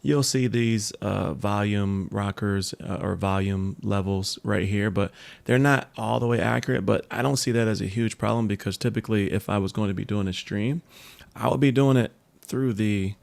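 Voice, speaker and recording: A man reviewing a tech product in a casual demo, relaxed and full of ums and asides. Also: on the low side, moderate pace, gravelly.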